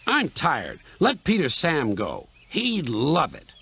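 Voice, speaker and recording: A man's voice: on the high side, huge pitch swings, slow, gravelly, pushed and bright, husky, voice pushed up, heavily acted. A man voicing a pompous grumpy steam engine. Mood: haughty. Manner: pompous, haughty, sulky. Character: proud grumpy young male steam engine.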